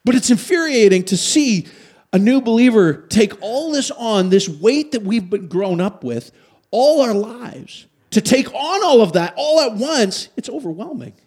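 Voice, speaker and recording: Lively, high-voiced man preaching. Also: measured pace, slightly rough. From Canada. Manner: animated storytelling, asks the audience questions. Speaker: pastor. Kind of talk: sermon.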